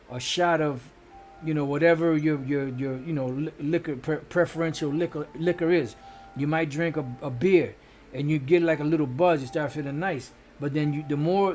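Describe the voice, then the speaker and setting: Man, raised pitch, informal scripture teacher, rambling with restarts and cursing. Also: a little mellow. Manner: casual, profane asides, fillers and restarts; looks up words while talking. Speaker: street preacher.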